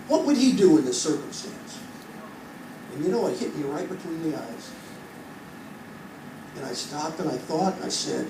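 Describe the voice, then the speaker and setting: Man, 50s, from Iowa, stand-up comic on a cruise ship, high voice, chatty crowd-work storyteller, echoey far-off room sound. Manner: chatty storyteller, quizzes the audience, builds to punchlines. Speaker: stand-up comedian. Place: entertainment venue on a cruise ship. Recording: echoey room heard from a distance with ambient noise.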